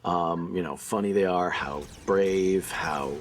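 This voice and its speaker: A man, the show's creator, reflecting on making a series in a documentary interview, pausing often with fillers. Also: low voice, slight background noise. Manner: reflective, searching for words with fillers. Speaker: show creator.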